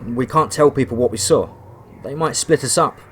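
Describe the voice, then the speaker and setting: A man's voice: medium pitch, normal speed, slight background noise, natural voice. A man voicing a frightened but protective seventeen-year-old boy who talks in an urgent, insistent way.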